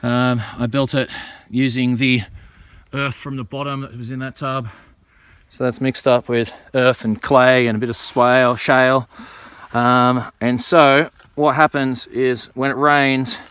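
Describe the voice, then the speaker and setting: Speaking a little slowly, with a smooth, medium-pitched voice, a vlogger describes his tree planting on hilly rural land. It's a casual show-and-tell, relaxed and chatty as he works outdoors.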